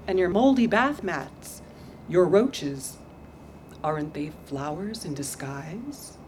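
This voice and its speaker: A woman's voice: lowish voice, animated, slow pace, darkish tone, a little hiss or hum, voice pushed down. Woman voicing a poem with a dry, wry voice. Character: the poem itself, a calm dry therapist-like voice.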